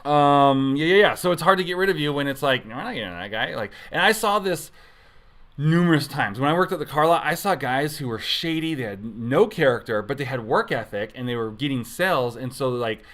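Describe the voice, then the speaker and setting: A man's voice: medium pitch, animated, brisk, a bit bright. A man giving a casual devotional talk as a youth pastor, rambling and conversational, often correcting himself mid-sentence.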